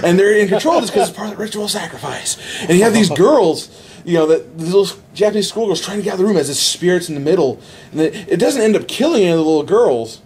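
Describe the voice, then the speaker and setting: A man in casual podcast chat, retelling a movie plot excitedly with many restarts. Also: high voice, quick pace. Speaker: podcast host.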